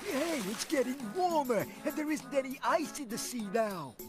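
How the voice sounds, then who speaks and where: A woman's voice: sits high, lively intonation, moderate pace, over music, pitched above the performer's own voice. A woman voicing a sad, sniffly male blue whale with a cold in a storybook reading. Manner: sniffly, sneezing.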